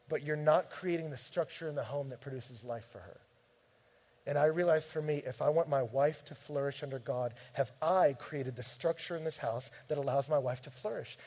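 A man preaches to his congregation, telling stories from home. His delivery is animated and direct, and his voice sits a bit higher than most men's. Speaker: pastor. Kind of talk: sermon.

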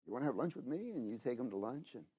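A middle-aged man preaching a sermon, talking straight to the congregation and swinging between loud exhortation and hushed asides. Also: medium pitch, very animated, racing, a little hiss or hum. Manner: talks to the congregation directly, with frequent "you know?" and "okay?".

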